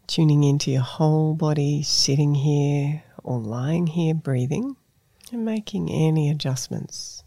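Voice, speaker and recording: A meditation guide talking softly and slowly through a self-compassion practice, often slipping into a half-whisper. The voice is mellow and gravelly with a husky edge, recorded close and dry with no room sound. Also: mid-range voice, dry recording. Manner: soft, gentle and unhurried, often dropping to a breathy half-whisper.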